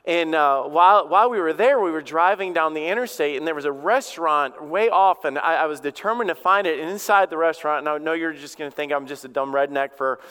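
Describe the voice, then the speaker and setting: A middle-aged man with a Southern American accent preaching a sermon in a folksy, storytelling way, with sudden animated bursts. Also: fairly high pitch, fairly quick, hardly any pauses, clear, resonant tone. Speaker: pastor. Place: church sanctuary. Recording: long reverb of a big hall.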